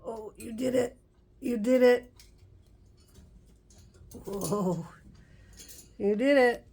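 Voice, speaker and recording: A woman's voice: on the high side, drawn-out words, warm tone, breathy edge. A woman at home filming her parrot on a handheld camera, talking to it in a playful, teasing, sing-song way. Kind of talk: casual talk to a pet. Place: home, indoors.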